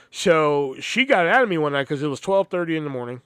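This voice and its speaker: A man's voice: on the high side, animated, fast, fairly bright tone, smooth, no echo. A man in his thirties telling a casual, profane, rambling story as a podcast host, full of filler words, on a close mic.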